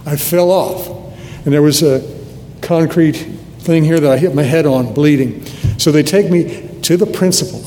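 Older preacher with a mellow voice in a reverberant hall. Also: male voice, moderate pace. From United States (Nebraska). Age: 70s. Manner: earnest, conversational preaching with restarts. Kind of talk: sermon. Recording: long hall reverb, faint rumble.

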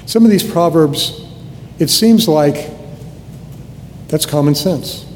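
Older preacher with a mellow voice in a reverberant hall. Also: male voice, takes it slowly. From United States (Nebraska). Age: 70s. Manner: earnest, conversational preaching with restarts. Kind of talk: sermon. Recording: long hall reverb, faint rumble.

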